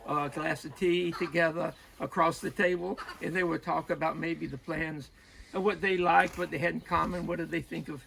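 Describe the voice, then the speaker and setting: A man telling a long, rambling joke in a halting way, often restarting and laughing at himself. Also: a little high, fairly even intonation, vocal fry, a bit bright, slight background noise, rough recording.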